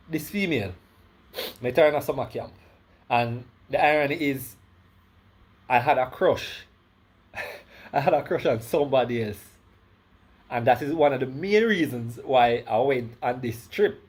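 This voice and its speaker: A man's voice: medium pitch, darkish tone. Jamaican man with a slight lisp. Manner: rambling, self-correcting, many "right?" tags. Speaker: vlogger. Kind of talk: casual storytime monologue.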